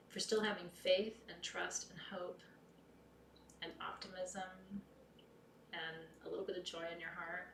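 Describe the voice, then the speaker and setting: Woman ritual leader, lowish voice, soft and heartfelt, recorded from a distance in an echoey room. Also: level tone, normal speed, creaky, long pauses. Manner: soft, heartfelt, intimate, often dropping to a whisper. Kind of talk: leading an online pagan ritual. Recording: echoey room, distant mic, faint noise.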